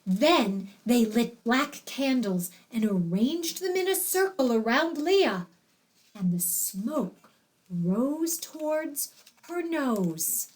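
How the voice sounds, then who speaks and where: A woman narrating a children's storybook in an expressive, animated reading. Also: on the high side, takes it slowly.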